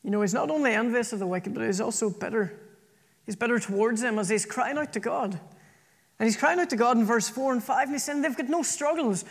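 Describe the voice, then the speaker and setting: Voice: medium pitch, a little fast. Earnest preacher giving a sermon, repeats stuff for emphasis, long echo like a big hall.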